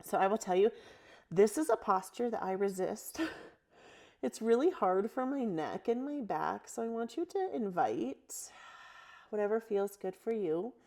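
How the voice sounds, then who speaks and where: A woman's voice: medium pitch, animated, measured pace, mellow. A woman leading a yoga workout, calling out breath cues in a soothing, encouraging way. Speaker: yoga instructor. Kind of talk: guided yoga class cues.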